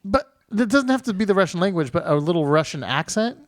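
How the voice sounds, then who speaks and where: Excitable man with a lively voice. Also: high voice, fast talker, heavy background noise. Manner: enthusiastic, exclamatory. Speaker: podcast co-host. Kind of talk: casual chat.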